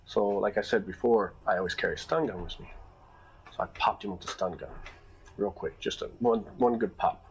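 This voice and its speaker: A man's voice: lowish voice, creaky, slight background noise, rough recording. A man who runs security at a nightclub, telling a long casual story with lots of fillers and restarts. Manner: rambling, many fillers and restarts.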